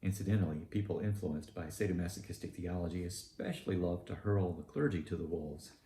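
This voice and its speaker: A low-pitched man with a Southern US accent preaches a sermon, deliberate and pointed in his emphasis. His voice is dark and mellow. The recording sounds roomy and echoey, with a faint hum behind it.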